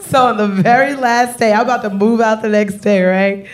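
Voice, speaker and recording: A woman comedian telling a brash, profane, animated story on stage. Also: a little high, normal speed. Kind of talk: stand-up storytelling. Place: live comedy show.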